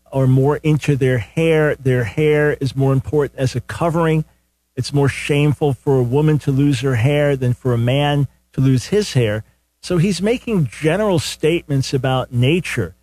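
Older man, call-in radio host, mid-pitched, earnest, restarts his sentences, dry booth mic. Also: warm tone, no echo. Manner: earnest, conversational, repeats words when starting sentences. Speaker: radio talk show host. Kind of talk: call-in radio Bible teaching. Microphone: studio microphone.

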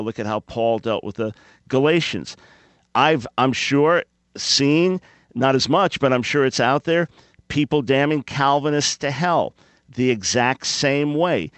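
A man who is a guest on a radio show, earnest, measured and insistent. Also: mid-range voice, a bit bright, dry recording.

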